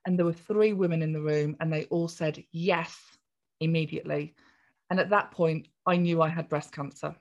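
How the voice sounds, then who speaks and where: Woman in her 40s, lowish voice, chatty and jolly, guest on a podcast telling her story. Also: fairly even intonation, moderate pace, lo-fi sound. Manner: chatty, jolly, acts out voices in quoted speech. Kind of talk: personal storytelling in conversation.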